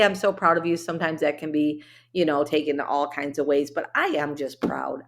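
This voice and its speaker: A woman with a slightly low voice talks to her podcast listeners on her own. She speaks in an earnest, heartfelt way, loose and chatty, with plenty of fillers and restarts. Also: creaky. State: briefly emotional. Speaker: podcast host. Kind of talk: solo motivational podcast talk.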